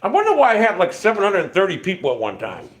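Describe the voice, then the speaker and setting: A man's voice: high-pitched, huge pitch swings, fast talker. A man in his fifties hosting a casual livestream, talking in a profane, rambling and irritated way. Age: 50s. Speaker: livestream host.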